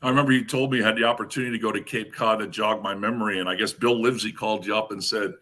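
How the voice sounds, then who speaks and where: A man's voice: lowish voice, fairly even intonation, fast talker, bright, forceful tone. A man hosting a podcast interview, asking long, loosely phrased questions and correcting himself as he goes. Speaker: podcast host.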